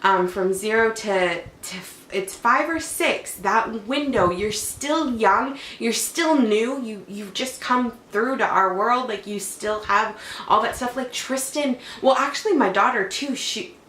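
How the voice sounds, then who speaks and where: A woman's voice: on the high side, a little slow, fairly bright tone. A young adult woman and mother, chatting casually at home as she rambles through a personal story, full of "like". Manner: chatty, rambling, heavy use of "like". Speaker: mother and vlogger. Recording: echoey room, faint background hum.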